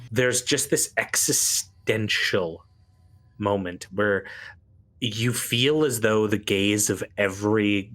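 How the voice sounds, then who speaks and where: A man running a tabletop game as game master, narrating dramatically and slowing down for emphasis. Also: lowish voice, a bit bright.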